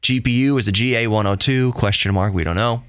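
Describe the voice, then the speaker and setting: A young adult man hosting a solo tech podcast, reading specs aloud with excitable, jokey asides and self-corrections, ending with gentle encouragement. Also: lowish voice, fast, no room sound. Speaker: podcast host.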